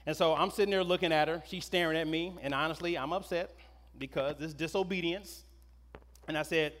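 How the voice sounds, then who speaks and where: A middle-aged man, a pastor, preaching a sermon in an animated, conversational storytelling way. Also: on the high side, brisk. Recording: long reverb of a large hall.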